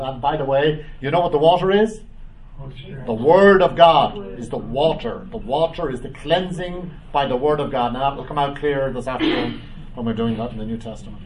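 A man preaching a Bible study, reading scripture aloud and commenting, with frequent "uh" and "um" pauses. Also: mid-range voice, far from the mic, poor audio. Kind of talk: bible teaching.

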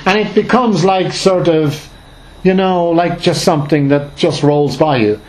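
Guy leading a bible study, chatty and emphatic, lots of ums, slightly high voice. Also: a little slow, a little mellow, low-quality recording. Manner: conversational, emphatic, with frequent fillers and restarts. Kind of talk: informal Bible study teaching.

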